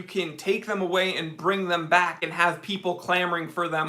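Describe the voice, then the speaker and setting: A young man hosts a casual livestream and tells his story as a comic rant. His voice is bright and forward, and he calls out to viewers by name as he goes. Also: high-pitched, normal speed, hardly any pauses. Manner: animated comic ranting. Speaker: livestream host.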